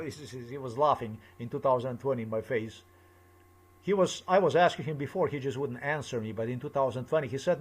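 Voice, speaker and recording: A man's voice: mid-range voice, a little fast. A man delivering an angry personal monologue, swearing often and repeating himself as he rants. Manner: agitated, profane, repetitive ranting. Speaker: vlogger.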